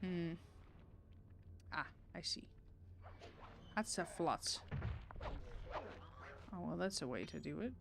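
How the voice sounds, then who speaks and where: Over heavy background noise, a woman with a lowish, gravelly voice talks slowly with lively intonation and frequent pauses. She's a game streamer giving casual, playful let's-play commentary from home. Now and then she swears offhandedly.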